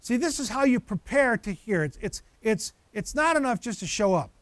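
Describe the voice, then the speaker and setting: A male pastor preaching a conversational sermon, lively and animated, with frequent asides to the congregation. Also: high voice, moderate pace, no echo.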